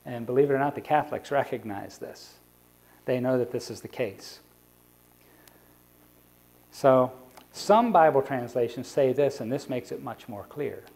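A man's voice: medium pitch, measured pace, creaky, long pauses, a little mellow. A man preaching a sermon as an evangelist, explaining scripture and asking the congregation rhetorical questions.

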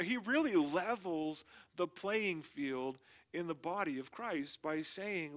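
A man's voice: sits high, measured pace, fairly bright tone. A male pastor giving a casual, conversational sermon with slangy asides.

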